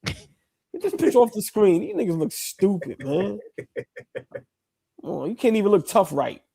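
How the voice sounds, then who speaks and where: A man co-hosting a live basketball reaction show, talking loud and profane with mocking asides. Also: sits high, big pitch swings, a little slow, gravelly, husky. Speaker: podcast co-host. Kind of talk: casual sports reaction chat.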